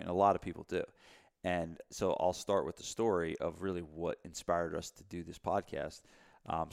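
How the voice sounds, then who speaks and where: A man with a very low voice talks loosely on a podcast. A gravelly fry runs under his words. He rambles, repeats himself and leans on fillers as he shares his views. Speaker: podcast co-host, gym owner. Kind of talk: casual podcast chat.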